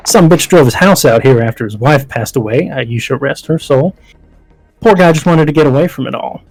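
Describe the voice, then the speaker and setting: A man's voice: medium pitch, lively intonation, brisk, a little mellow, no room sound, faint music behind, poor audio. A man voicing a cheerful tour-bus guide with a folksy, upbeat patter. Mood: chirpy.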